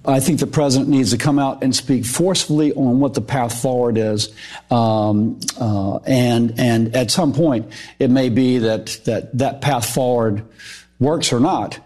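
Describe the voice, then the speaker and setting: A male politician speaking haltingly in a clip, with filler words and restarts. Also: medium pitch, fairly even intonation, a little mellow.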